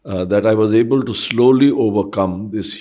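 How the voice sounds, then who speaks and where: A man, speaking as an interview guest in a thoughtful, hesitant way with many pauses and fillers. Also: fairly low pitch, dark tone. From India. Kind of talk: reflective interview conversation.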